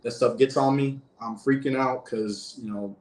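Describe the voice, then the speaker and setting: A man's voice: mid-range voice, fairly even intonation, moderate pace, a little mellow, reverberant. A man, a former prison guard, telling a story in a loose, rambling way as an interview guest, with many restarts and fillers. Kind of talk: casual first-person storytelling.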